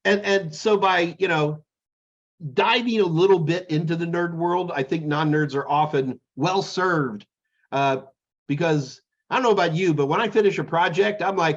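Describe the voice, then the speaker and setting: A man's voice: on the high side, moderate pace, highs cut off. A man co-hosting a podcast in casual chat, telling jokey, rambling stories. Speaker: podcast co-host.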